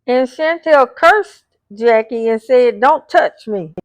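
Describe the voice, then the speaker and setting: A woman narrates a reality show recap at an unhurried pace, relaying who said what and talking back to the people on screen. Her voice sits high, and the recording is close and dry with no room sound. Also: lively intonation, no room sound. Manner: retells scenes, reading out the cast's lines; blunt asides addressed to the cast.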